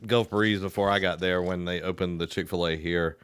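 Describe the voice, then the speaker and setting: A man's voice: sits low, steady tone, fairly quick, a bit bright, clean tone, no echo. A young man with a Southern American accent, chatting as a podcast co-host and telling rambling stories with lots of fillers and easy laughs. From Southern United States. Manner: rambling storyteller, many fillers, laughs easily. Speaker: podcast co-host and school band director. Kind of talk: casual podcast chat.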